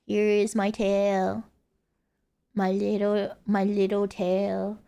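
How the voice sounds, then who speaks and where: A woman's voice: mid-range voice, completely flat delivery, slow, creaky, mellow, clean tone. A young woman streaming casually, rambling playfully and laughing often. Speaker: VTuber streamer. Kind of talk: casual live-stream chat.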